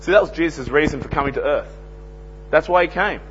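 A man's voice: a little high, fairly quick, a bit bright. An earnest young Australian man preaching an evangelistic sermon, telling plain-spoken anecdotes. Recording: dull lo-fi recording with faint hum.

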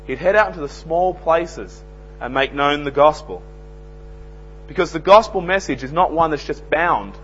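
Australian man, young, earnest evangelistic sermon, slightly high pitch, faint hum behind. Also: fairly bright tone. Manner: earnest, plain-spoken, tells anecdotes. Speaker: preacher. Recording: dull lo-fi recording with faint hum.

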